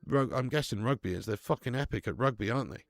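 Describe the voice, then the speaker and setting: A young man running a live football watch-along, swearing and chatting with viewers between bursts of excited commentary. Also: mid-range voice, quick pace, no echo. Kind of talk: live match commentary and casual chat.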